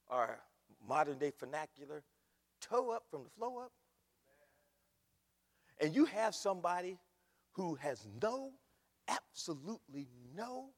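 Animated preaching man. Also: high voice. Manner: preachy, rising to shouts, mocking asides in quoted voices. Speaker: pastor. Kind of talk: sermon. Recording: echoey hall recording.

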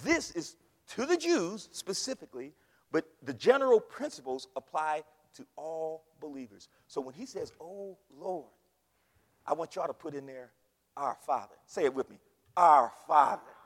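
A pastor with a fairly high, slightly mellow voice preaches a fiery sermon in a church sanctuary, leading the congregation in call and response. His pitch swings widely at a moderate pace, and the recording has a long hall reverb.

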